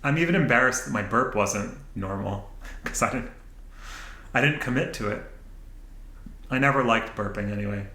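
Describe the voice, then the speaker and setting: A man's voice: medium pitch, normal speed, pauses often, pushed and bright, roomy sound, low-quality recording. Self-mocking man rambling to camera. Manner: self-mocking, laughs often, talks back to his own thoughts. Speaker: channel host. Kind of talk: rambling unedited monologue. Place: indoor room, sitting at camera.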